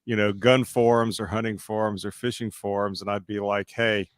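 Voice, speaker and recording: A man's voice: on the low side, level tone, a little fast, no room sound, studio quality. A middle-aged man hosting a casual chat, rambling and hesitant with blunt swearing.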